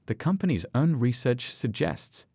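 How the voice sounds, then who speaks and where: A man voicing a nervous, stammering young male lawyer who talks in halting, flustered bursts. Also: medium pitch, expressive, creaky, mellow, slightly rough, no room sound, voice pushed up, full character voice.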